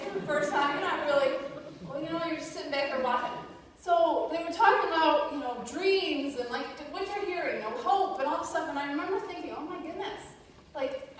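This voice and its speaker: A high-pitched woman tells a personal story to an audience, with a loose, chatty delivery full of fillers. She sounds distant from the mic, and her voice rings through a large, very echoey hall. A faint hum sits underneath. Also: a bit bright. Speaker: speaker at a company event. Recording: echoey hall recorded from far off.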